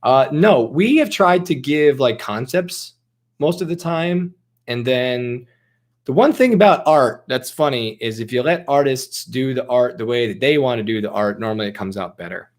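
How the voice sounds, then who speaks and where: A man in a band casually answering viewer questions in a relaxed, joking chat. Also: medium pitch, moderate pace.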